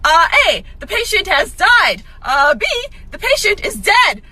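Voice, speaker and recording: A woman's voice: extremely high pitch, big pitch swings, measured pace, pushed and bright, no room sound. A woman in a comic skit, speaking in an exasperated way. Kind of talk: comedic skit.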